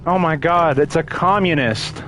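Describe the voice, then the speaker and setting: A man's voice: fairly high pitch, measured pace, fairly bright tone, slight background noise. A young man chatting casually while streaming a game, rambling and stumbling over words as he reads aloud. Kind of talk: casual gameplay commentary.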